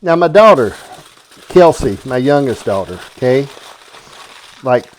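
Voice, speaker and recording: A man's voice: medium pitch, sing-song, unhurried, slight background noise. A man hosting a cooking show from his home kitchen, chatting casually and joking with the person filming him. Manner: folksy, joking, keeps asking "okay?". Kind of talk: casual kitchen chat to camera.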